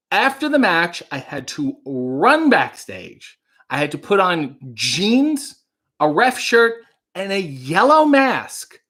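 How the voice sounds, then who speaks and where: Male livestream host, casual storyteller, animated delivery. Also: fairly high pitch. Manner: rambling storyteller reading out chat comments.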